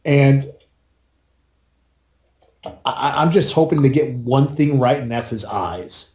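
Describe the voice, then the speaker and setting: A man's voice: mid-range voice, takes it slowly, a little mellow. A man co-hosting a podcast in casual chat, rambling and swearing freely. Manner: rambling, swears and laughs often. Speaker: podcast co-host. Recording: roomy echo.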